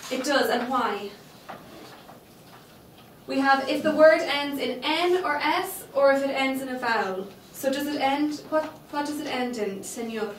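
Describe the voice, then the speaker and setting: In an echoey classroom recorded by a far-off room microphone, a high-voiced Spanish teacher gives her lesson unhurriedly. She's patient and keeps checking understanding with frequent "okay"s, and there's a little hiss or hum.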